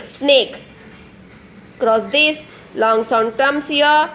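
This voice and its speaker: With drawn-out words and long pauses, a kindergarten teacher speaks in a high, fairly bright voice against slight background noise. She has an Indian English accent and is giving young children an online phonics lesson, spelling each word letter by letter and repeating it patiently.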